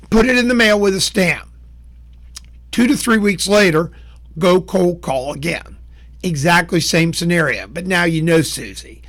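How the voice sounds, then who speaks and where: High-voiced folksy man teaching sales. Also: measured pace, a bit bright. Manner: folksy, plain-spoken, acts out short dialogues. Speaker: sales trainer. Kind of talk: instructional talk to camera.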